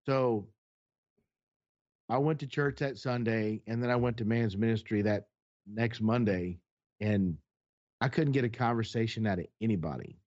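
A man's voice: lowish voice, normal speed, pauses often, a little mellow. Blunt, profane man telling a story on a muffled recording. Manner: blunt, profane, heated retelling. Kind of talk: casual storytelling chat. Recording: dull lo-fi sound.

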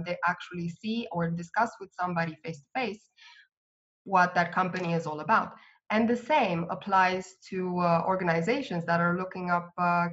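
A woman recruiter answering interview questions in a measured, explanatory way. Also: on the low side, fairly bright tone. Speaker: recruiter guest. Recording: slightly dull lo-fi audio.

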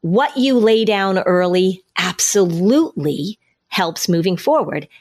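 Woman giving calm parenting advice. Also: medium pitch, slow pace. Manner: explains with acted-out parent and child examples. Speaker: parenting expert guest. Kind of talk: conversational advice.

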